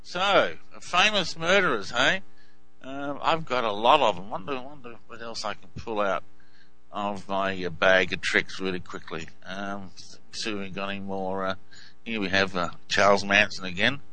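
A man's voice: on the low side, moderate pace, bright, forceful tone, soft background music, low-quality recording. A man with an Australian accent casually commenting on clips, hesitant and full of ums and uhs. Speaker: video host.

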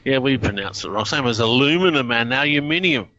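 A man's voice: mid-range voice, lively intonation, brisk, lo-fi sound, background noise. A man with an Australian accent hosting a casual chat, thinking aloud and often restarting his sentences. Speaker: host.

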